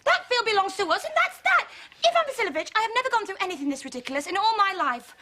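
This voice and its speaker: A woman playing a stubborn, indignant young woman landowner in a stage comedy, insistent and quick to take offense. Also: extremely high pitch, big pitch swings, sharp tone, a little hiss or hum, full character voice. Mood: furious. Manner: indignant, insistent, repeats herself.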